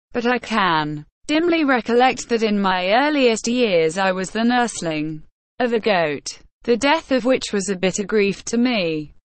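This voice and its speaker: A woman voicing a pale, resolute young woman in an audiobook, speaking in a clear and firm way. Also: medium pitch, no room sound, lightly acted.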